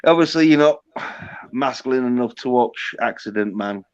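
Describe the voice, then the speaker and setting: A man's voice: mid-range voice, normal speed. A man hosting a livestream, rambling and teasing his guest with casual, heavy swearing. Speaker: livestream host. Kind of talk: casual profane banter. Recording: dull lo-fi stream audio.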